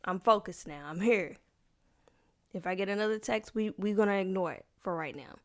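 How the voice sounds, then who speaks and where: A woman's voice: medium pitch, moderate pace. Young woman, solo podcast host, casual rambling chat, playful slang, mid-range voice.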